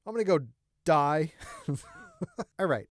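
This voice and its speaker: A man with a hoarse, strained voice giving a casual, joking toy review to his viewers. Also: fairly high pitch, takes it slowly, noisy background. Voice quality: enthusiastic, jokey, talks to the viewer. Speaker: toy collector vlogger.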